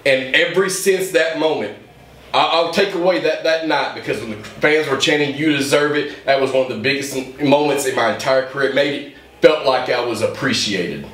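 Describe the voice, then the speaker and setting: A man's voice: medium pitch, moderate pace, a bit bright, distant mic. A man, a pro wrestler, giving an intense promo interview that grows heated. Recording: roomy echo, voice off-mic.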